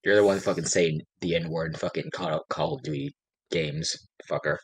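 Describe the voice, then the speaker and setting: A man talks in a casual podcast chat with a very deep, gravelly voice. His tone is husky and rough. He is blunt and profane. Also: fairly even intonation, normal speed.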